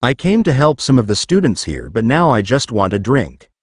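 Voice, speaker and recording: A laid-back teenage boy hero speaks flatly, unbothered by anything, as a male reader voices him. The line is close and dry, in a read-aloud fan story. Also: mid-range voice, normal speed, husky, no room sound.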